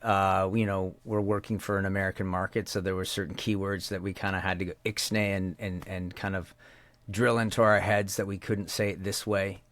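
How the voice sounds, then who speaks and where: A man's voice: sits low, little pitch movement, fairly quick, a bit bright, no echo. A man with a Canadian accent, a voice actor chatting casually as an interview guest, rambling with many restarts.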